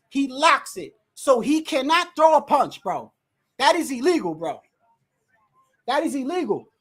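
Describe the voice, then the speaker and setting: A man hosting a livestream, reacting to a boxing match with animated, profane, exasperated commentary. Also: very high voice. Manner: animated, profane, exasperated, often says bro. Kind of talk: excited live reaction commentary.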